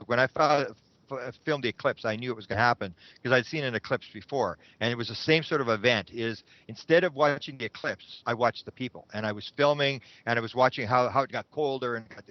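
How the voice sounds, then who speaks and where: A man tells a story as an interview guest. He gets animated and trips over repeated words as he goes. The recording sounds dull and dry, with no room around the voice. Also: medium pitch, dry recording.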